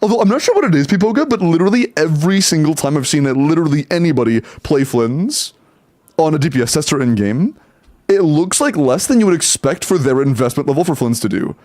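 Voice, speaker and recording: A man's voice: fairly high pitch, animated, fast, a little mellow, no echo. A man streaming live, casually talking through game account advice and answering chat, loose and rambling with some swearing.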